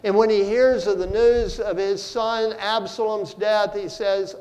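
Man, pastor, sermon, high voice, dramatic swings in loudness, long hall echo. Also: steady tone. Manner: slow, deliberate preaching with dramatic swings in loudness.

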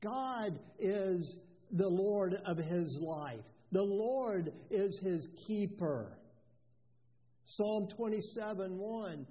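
A man's voice: sits high, expressive, very slow. A man preaching an expository sermon as pastor, earnest and emphatic, repeating key phrases. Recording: dull lo-fi sound with long reverb.

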